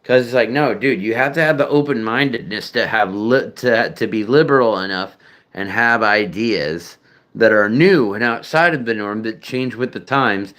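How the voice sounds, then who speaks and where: A man's voice: lowish voice, normal speed, fairly bright tone. A man chatting casually with viewers, rambling and profane, with frequent fillers, restarts and laughs. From United States. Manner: rambling, profane, self-deprecating, many fillers.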